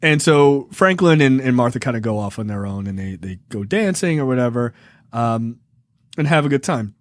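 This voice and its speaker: Man in his forties, podcast film reviewer, profane, laughing, animated retellings, middle-pitched voice, dry close sound. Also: moderate pace, no room sound. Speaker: podcast co-host. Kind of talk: casual film review chat.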